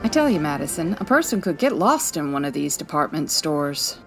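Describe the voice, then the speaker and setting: A woman's voice: low voice, sing-song, normal speed, music in the background. A woman playing a confident, breezy female private detective in 1940s radio style, arch and theatrical.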